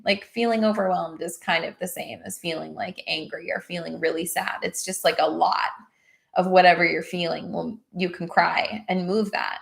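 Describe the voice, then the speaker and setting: A woman hosting a livestream, telling a personal story in a chatty, animated way and reading out chat comments. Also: fairly low pitch, normal speed, vocal fry. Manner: chatty and animated, quotes others in lively voices, laughs readily. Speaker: host of an emotional healing livestream. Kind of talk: casual storytelling and coaching on a livestream.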